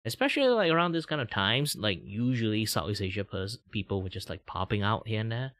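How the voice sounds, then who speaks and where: A man from Malaysia hosting a casual live stream. His low voice swings widely, with frequent laughs and sudden high exclamations, heard close and dry on a desk mic. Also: a little fast, no echo. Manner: animated, laughs often, jumps into high exclamations. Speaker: streamer and host. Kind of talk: casual livestream chat.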